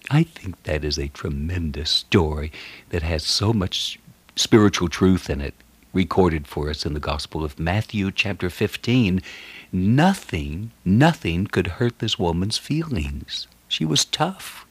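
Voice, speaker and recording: Male preacher, earnest sermon, unhurried delivery, dry close sound. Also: low voice, animated, breathy edge, dry recording. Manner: earnest, preacherly, with rhetorical questions. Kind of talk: sermon with scripture reading.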